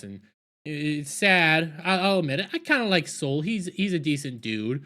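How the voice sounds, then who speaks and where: A man with a fairly high, bright, forceful voice talks through a casual episode recap. He rambles, trips over and repeats words, and drops wry asides as he goes. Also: lively intonation, moderate pace. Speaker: video reviewer.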